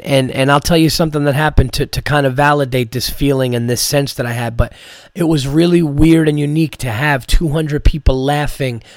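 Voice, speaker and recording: A New York comedian and podcast host tells a rambling, profane story full of restarts, sounding tired from medication. His voice is mid-range, and the clean studio recording has no room sound.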